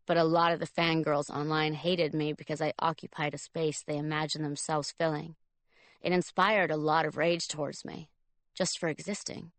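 A woman from Italy reads her memoir as an audiobook, her voice sitting very low. She tells the story dryly and wryly. The recording is completely dry and close. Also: dry recording. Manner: dry, wry first-person storytelling. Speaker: memoir reader. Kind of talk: audiobook narration.

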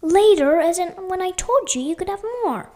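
Woman reading as a curt, scolding villain mom with lively pitch. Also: moderate pace. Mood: stern. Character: stern mother, a villainous captor.

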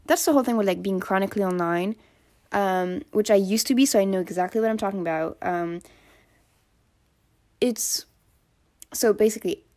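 A young woman hosting a solo podcast, chatting casually with lots of fillers and animated quoting of others. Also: medium pitch, normal speed, pauses often. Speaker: podcast host.

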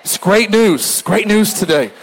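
A middle-aged male pastor preaching a lively, joking sermon and calling out to the congregation. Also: sits high, a little slow, slightly rough, in a large hall. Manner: animated, joking, calls for crowd response.

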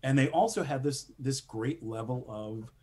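A man with a husky, slightly rough voice chats as a guest in a relaxed interview. He tells his stories with energy, acts out little quoted exchanges and laughs often as he goes. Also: medium pitch, normal speed. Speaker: guest screenwriter. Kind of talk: casual interview chat.

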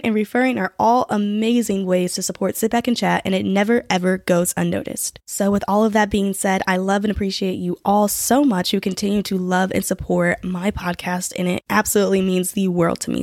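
A woman hosting her own chat podcast while sick with a cold, her voice a little raspy and low on energy, talking in a chatty, conversational way. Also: darkish tone, dry recording, studio quality. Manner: chatty, conversational, uses "like" often. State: sick with a cold, sore throat. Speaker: podcast host. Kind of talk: casual solo podcast chat.

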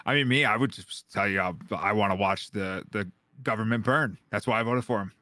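A man's voice: on the low side, brisk, bright, forceful tone, no echo, clean studio sound. A young man co-hosting a podcast in blunt, profane casual chat. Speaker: podcast co-host.

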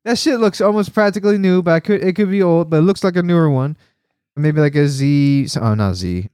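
A man's voice: fairly high pitch, a little fast, darkish tone, clear, resonant tone, no room sound, studio quality. A man hosting a casual podcast chat, rambling and swearing a lot, laughing often and getting worked up when he complains. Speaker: podcast host.

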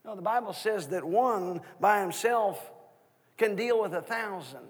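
A man in his thirties preaching a sermon as guest minister, asking the congregation questions in an animated way. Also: high voice, measured pace, breathy edge, long reverb tail. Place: church sanctuary.

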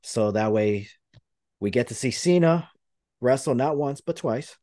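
A man's voice: mid-range voice, expressive, measured pace, dark tone, no room sound, studio quality. Rambling man in casual podcast chat. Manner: rambling play-by-play retelling. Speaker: podcast host.

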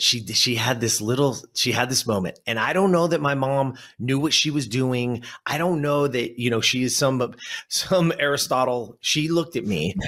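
A man in his fifties with a husky, slightly breathy voice, telling a personal story to an interviewer. He speaks in earnest at a middle pitch, leaning on repeated phrases for emphasis and speaking directly to the listener. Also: fairly bright tone. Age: 50s. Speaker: guest, coach and former athlete.

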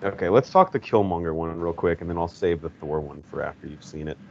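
A man's voice: deep voice, a little fast, gravelly, a little mellow, dull audio, a little hiss or hum. A man hosting a podcast, chatting enthusiastically in a casual way with frequent fillers. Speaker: podcast host. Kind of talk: casual chat.

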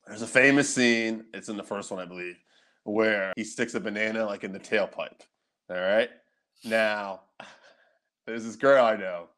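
A man co-hosting a podcast, telling stories in casual chat, animated and laughing often, with frequent swearing. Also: on the low side, measured pace. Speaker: podcast co-host.

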